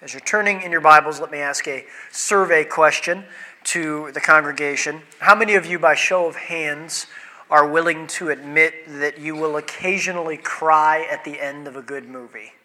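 Bright-sounding guy preaching, joking around w the congregation, pitch a bit up. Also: steady tone, moderate pace, rough recording. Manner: playful, chatty with the congregation. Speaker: pastor. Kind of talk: sermon. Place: church sanctuary.

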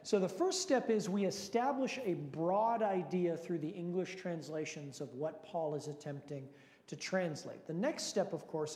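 A man's voice: on the high side, warm tone. A man, a pastor, leading a Bible study with prayer, teaching and questions to the group in an earnest, lightly joking way. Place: large hall with long reverb. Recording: echoey reverberant hall.

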